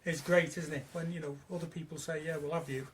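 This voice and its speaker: A man's voice: on the high side, fairly even intonation, quick pace, slight background noise. A man hosting an interview, agreeable and encouraging, mostly giving brief affirmations and prompts. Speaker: host interviewer. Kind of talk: casual interview chat.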